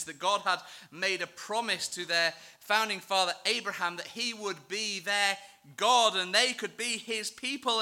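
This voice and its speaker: A man's voice: high-pitched, sharp tone. A male church minister preaching a sermon in an earnest, emphatic, self-deprecating way.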